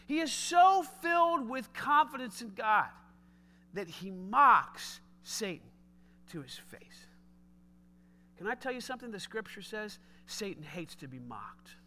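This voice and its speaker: A man preaching a sermon, retelling a scripture story with lively, casual asides. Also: high-pitched, unhurried, slight background noise.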